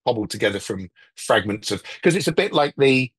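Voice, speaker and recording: A man with a husky, slightly breathy voice at an ordinary middle pitch. He rambles in a wry, self-interrupting way, trailing off and circling back as he talks. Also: expressive, fairly quick, a bit bright. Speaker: guest, TV writer. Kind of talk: casual conversation.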